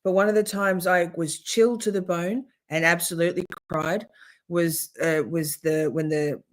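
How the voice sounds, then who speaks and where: A woman's voice: lowish voice, fairly even intonation, moderate pace. A woman, hosting a casual livestream and chatting loosely as she reacts to trial footage. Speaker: livestream host. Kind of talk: casual live commentary.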